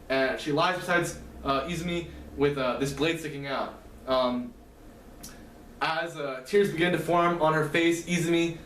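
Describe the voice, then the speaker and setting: A man's voice: on the high side, a bit bright. Man retelling a story in an echoey room. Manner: halting, frequent fillers and self-corrections. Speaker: lecturer retelling a novel. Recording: echoey room, mic at a distance, faint hum.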